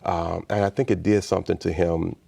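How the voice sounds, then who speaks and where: A man in his sixties from Chicago, with a low voice full of gravelly fry, tells a personal story as an interview guest. He tells it with energy and acts out the voices of the people in it, and the creak stays in his voice the whole time. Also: flat delivery, fairly quick, dark tone. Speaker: interview guest, state official.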